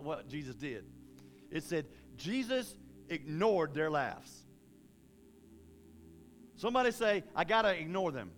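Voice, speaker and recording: A man preaching a sermon in a casual, folksy way, with animated bursts of emphasis. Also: high-pitched, a little hiss or hum.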